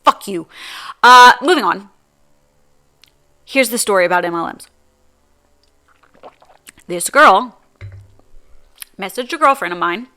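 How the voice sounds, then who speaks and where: A woman's voice: mid-range voice, bright, forceful tone. A woman hosting a solo podcast, talking casually and bluntly, swearing freely and flaring into heated rants. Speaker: podcast host.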